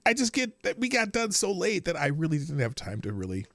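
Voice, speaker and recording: Male streamer host, slightly high voice, rambling and casual, dry room. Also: wildly swooping pitch, fairly quick, a bit bright, no room sound. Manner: rambling, chatty, greets viewers by name. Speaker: livestream host. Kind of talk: casual live-stream chat.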